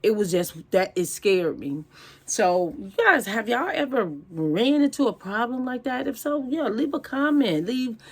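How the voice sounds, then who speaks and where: A woman telling a casual storytime to her viewers, blunt, profane and animated. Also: fairly high pitch, unhurried.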